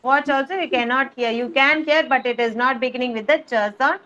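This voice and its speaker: A woman teaching phonics to small children over a video call, sounding out letters slowly and patiently repeating words. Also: high-pitched, bright, forceful tone, dull audio. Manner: slow, drawn-out sounding of letters, patient repetition. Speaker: kindergarten teacher. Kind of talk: online phonics lesson for young children.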